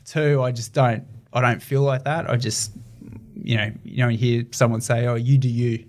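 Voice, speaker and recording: A man's voice: medium pitch, little pitch movement, normal speed, darkish tone. A young adult man with an Australian accent, talking earnestly in a casual interview with many fillers and restarts. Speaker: guest, ultramarathon runner.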